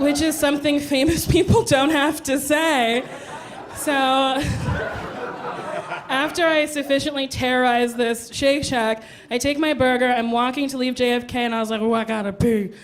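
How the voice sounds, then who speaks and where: A woman's voice: high-pitched, steady tone, moderate pace. A woman telling brash, laughing stories in a stand-up comedy set, acting out voices, recorded live on stage. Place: comedy club stage before a live audience. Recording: live show with loud crowd laughter.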